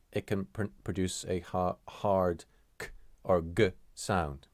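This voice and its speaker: Deep-voiced guy teaching pronunciation, slow and halting, fixes his own words a lot, dry close sound. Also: darkish tone, dry recording. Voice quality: halting, with frequent fillers and self-corrections. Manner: measured, deliberate delivery. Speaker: language teacher. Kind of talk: explaining pronunciation rules.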